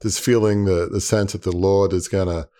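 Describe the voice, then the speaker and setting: A man's voice: low voice, steady tone, moderate pace, warm tone. A male podcast host responding reflectively and affirmingly to his guest's story. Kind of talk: conversational interview.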